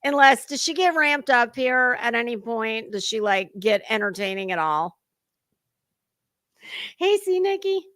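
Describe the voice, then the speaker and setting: A woman host delivers snarky, profanity-laced commentary while chatting with her viewers. Her voice sits a little high, and the sound is close and dry with no room around it. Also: animated, unhurried, pauses often, a bit bright, dry recording. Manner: mocking, profane, talks to chat. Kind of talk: sarcastic reaction commentary.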